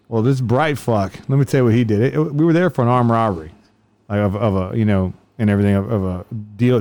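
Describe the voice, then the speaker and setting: A man telling police stories in casual chat, swearing constantly and laughing often. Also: medium pitch. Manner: profane, laughing often, animated when quoting. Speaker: law enforcement officer telling stories.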